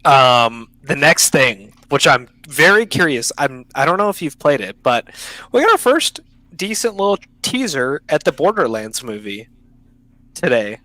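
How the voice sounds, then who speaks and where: Excitable young man hosting a podcast. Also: mid-range voice, a little slow, dry recording, low-quality recording. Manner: enthusiastic, slangy, self-interrupting. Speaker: podcast host. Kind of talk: casual podcast chat. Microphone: online call.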